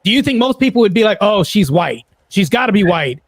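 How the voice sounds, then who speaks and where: Man with a notably high voice, dry sound, argumentative debater who concedes then pushes back. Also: sing-song, a little fast, no echo. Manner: argumentative, concedes points then presses his case. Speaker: panel guest. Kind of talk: live-stream panel debate.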